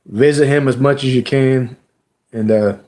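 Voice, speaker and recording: A man chats with his live-stream audience at an ordinary middle pitch. He talks haltingly and emotionally, often trailing off into "you know" and "uh". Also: steady tone, a little mellow. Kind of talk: casual live-stream chat.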